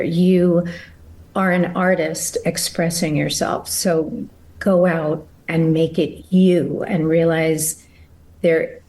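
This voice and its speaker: A middle-aged woman, an actor and guest, speaking reflectively in an interview and pausing to search for her words. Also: on the low side, darkish tone, low-quality recording.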